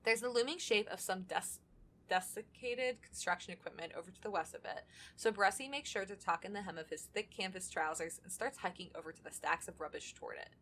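A woman's voice: mid-range voice, lively intonation, fairly quick, fairly bright tone. Chatty woman podcaster reading fan fiction. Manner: chatty, laughs often, swears casually. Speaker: podcast co-host. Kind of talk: casual chat and reading fan fiction aloud.

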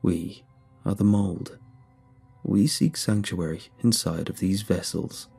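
Man as an eerie calm creature voice, slow and low, husky and mellow, faint music under. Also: heavily acted. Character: ancient hive-mind mold inside a dog, calm.

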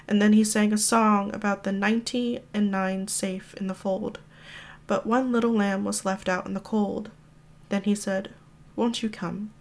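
A woman reads a memoir excerpt aloud for a podcast. Her delivery stays level, with little rise and fall in pitch. The reading is calm and measured. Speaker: podcast reader.

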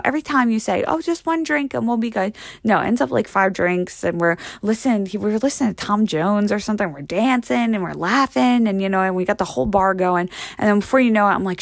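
Gravelly-voiced woman rambling with swearing. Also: medium pitch, no echo, clean studio sound. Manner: rambling, heavy on fillers and swearing. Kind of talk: casual storytelling monologue.

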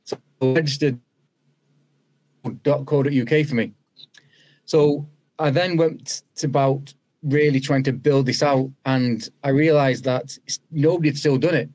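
A man's voice: mid-range voice, unhurried. A man with a British accent, a guest on a podcast, telling his story in a chatty way and acting out what people said. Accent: British English. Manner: animated, acts out quoted dialogue. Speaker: podcast guest, former footballer. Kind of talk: conversational storytelling.

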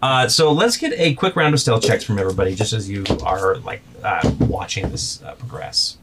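A man running a tabletop game as game master, narrating in a halting way with many fillers. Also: lowish voice, animated, heavy background noise. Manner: halting, filler-heavy narration with soft asides.

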